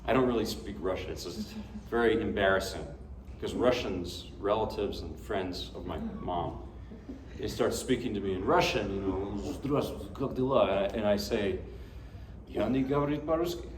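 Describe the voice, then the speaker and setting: A pianist chats between pieces at his recital, his voice slightly low and his remarks wandering and self-mocking. He is picked up from a distance in a roomy hall, with a faint hiss underneath. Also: moderate pace. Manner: rambling, chatty and self-deprecating. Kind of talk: casual spoken introduction between pieces. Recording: echoey hall, distant mic, faint noise.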